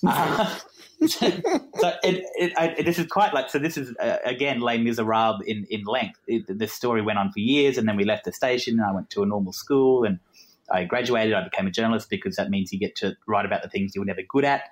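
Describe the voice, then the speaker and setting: A young man from Queensland, Australia, appears as a podcast guest, telling a rambling, self-deprecating story full of laughs and asides. His voice is lowish and brisk, in a casual conversational storytelling style.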